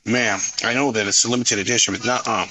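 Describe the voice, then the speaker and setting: A man's voice: lowish voice, normal speed, background noise. A man telling wry, emphatic stories from his customer service job in a casual vlog, tired and sore. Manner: folksy, emphatic, wry storyteller. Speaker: podcaster and customer service worker.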